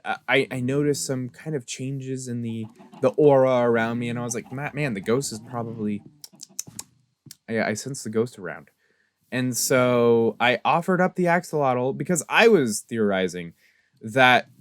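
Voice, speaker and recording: A young man casually recapping a game story, rambling with many fillers and restarts, jumping between excited high notes and soft asides. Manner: rambling, filler-heavy, self-correcting; animated storyteller with sudden pitch jumps and soft asides. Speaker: Minecraft server player recapping lore.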